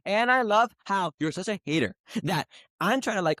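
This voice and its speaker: Fast, high-voiced young man ribbing a friend. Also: lively intonation, fairly bright tone, no echo, studio quality. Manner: fast, repetitive, talks over the other, teasing. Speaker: podcast co-host. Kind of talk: heated casual sports debate.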